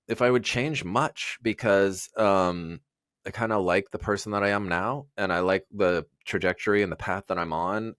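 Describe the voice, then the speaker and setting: A man's voice: lowish voice, fairly bright tone, no echo, clean studio sound. A man guest in a casual interview, talking earnestly and rambling with many fillers and restarts.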